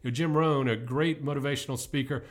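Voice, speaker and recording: A man's voice: mid-range voice, steady tone, fast. A middle-aged man who coaches football, giving an earnest, emphatic motivational talk.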